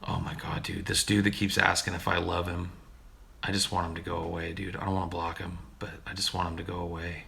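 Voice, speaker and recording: A man's voice: low-pitched, little pitch movement, fairly quick, creaky, sharp tone. A man chatting casually with his stream audience, laid-back and profane, often calling people dude. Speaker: streamer answering chat. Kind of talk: casual chat. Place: home recording room.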